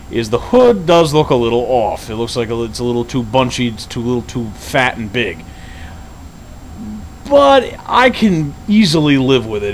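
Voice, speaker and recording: An easygoing man talks through a collectible figure review in a relaxed, conversational manner, pointing out the pieces one by one. His voice sits at an ordinary middle pitch, and a faint hum of room noise runs underneath. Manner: chatty and easygoing, explaining as he handles items. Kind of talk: casual product review vlog.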